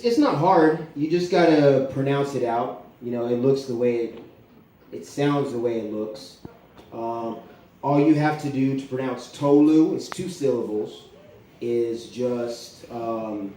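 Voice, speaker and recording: A young man doing a rambling, profane stand-up set on stage, with lots of fillers and a deadpan delivery. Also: mid-range voice, slight background noise. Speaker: stand-up comedian. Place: comedy club stage. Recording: echoey club from far off, crowd laughing. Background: audience laughter.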